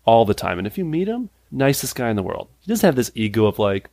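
Lively low-voiced man in his thirties. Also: a little fast, few pauses, dry recording, studio quality. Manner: animated, acts out quoted voices with big pitch jumps; laughs often, frequent "like" fillers. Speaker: guest character actor and improviser. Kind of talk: casual podcast interview chat.

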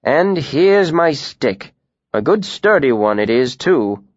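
A man's voice: medium pitch, big pitch swings, slow, no echo, voice pushed up. A man voicing a fussy older male tinker who pleads and sighs reluctantly. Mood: pleading. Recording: dry, slightly muffled studio recording.

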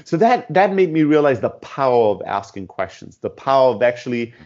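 A man who runs a startup, telling stories in a podcast interview in an animated way, swearing freely and acting out dialogue. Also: medium pitch, brisk, highs cut off. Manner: animated, profane, acts out dialogue. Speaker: guest, startup CEO.

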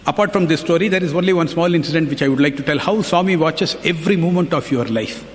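A man's voice: a little high, quick pace, big-room sound, a little hiss or hum. A man giving an earnest devotional talk, telling anecdotes and quoting others as he goes. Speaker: devotional speaker.

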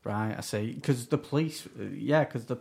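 A man's voice: medium pitch, moderate pace, vocal fry, darkish tone, slightly rough. A man, a podcast co-host in casual chat, talking tentatively and ending points with tag questions.

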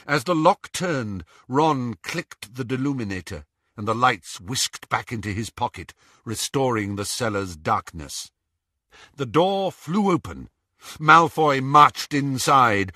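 A man reading a novel aloud as an audiobook narrator, with an expressive, dramatic delivery. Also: medium pitch, no echo, clean studio sound. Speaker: audiobook reader.

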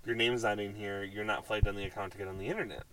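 A man's voice: on the low side, steady tone, fast talker, fairly bright tone, far from the mic, low-quality recording. A man in his twenties, co-hosting a podcast and telling a rambling anecdote full of quoted dialogue. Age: 20s. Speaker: podcast co-host. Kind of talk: casual chat, storytelling.

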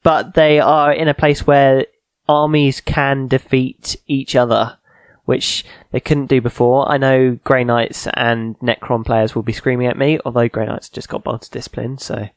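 A man co-hosting a casual hobby podcast, relaxed and wry, laughing often. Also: medium pitch, unhurried, no room sound, studio quality. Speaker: podcast co-host.

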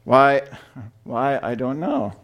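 A man's voice: medium pitch, takes it slowly, fairly bright tone. A man voicing an astonished nobleman who exclaims in disbelief while reading a story aloud. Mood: puzzled. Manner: exclaiming, incredulous, raised voice. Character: astonished rich nobleman on horseback, adult man.

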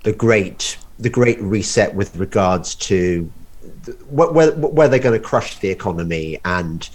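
Male interviewer, lowish and lively, rambling and halting. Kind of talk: casual conversational interview.

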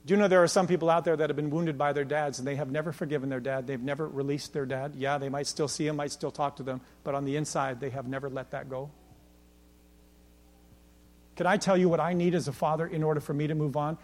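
A middle-aged man preaching a sermon as pastor, emphatic and rhetorical, building to near-shouts at his peaks. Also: fairly high pitch, steady tone, fast. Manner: repeats "can I tell you" rhetorically.

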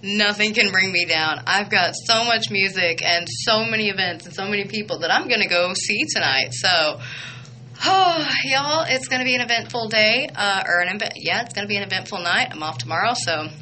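A young woman hosting a radio show, chatting excitedly and rambling with lots of fillers. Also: mid-range voice, moderate pace, slight background noise, poor audio. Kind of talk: casual chatty radio intro.

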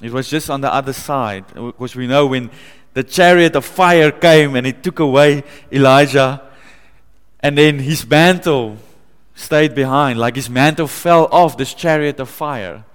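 A man's voice: mid-range voice, a little slow, smooth. Chatty male preacher in a reverberant hall. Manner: conversational, laughs often, grows excited. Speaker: pastor. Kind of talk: sermon. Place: church.

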